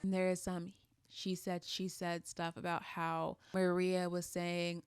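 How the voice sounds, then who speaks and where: A woman's voice: lowish voice, flat delivery, normal speed, clear, resonant tone. A woman in her twenties giving a chatty, opinionated recap of a reality show, with plenty of casual fillers. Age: 20s.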